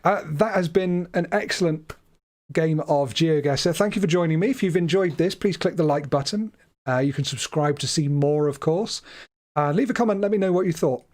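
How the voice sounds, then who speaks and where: A British man chats his way through a guessing game on a livestream, teasing himself and laughing often. His voice sits a little high for a man, and his delivery is relaxed and conversational. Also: normal speed. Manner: chatty, self-deprecating, laughs often. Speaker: streamer. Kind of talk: casual livestream game commentary.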